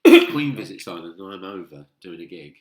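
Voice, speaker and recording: A middle-aged comedian chatting casually, telling animated stories and acting out the people in them. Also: male voice, low-pitched, fast. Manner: animated storyteller, acts out voices. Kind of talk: casual chat. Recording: roomy echo.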